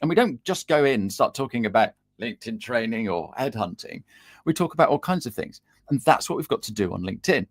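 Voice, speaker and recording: Male coach, animated delivery, video-call sound. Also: medium pitch, a little fast. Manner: lively, animated, acts out little dialogues. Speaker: LinkedIn coach, guest. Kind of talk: casual video-call chat. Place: home room with guitars on the wall.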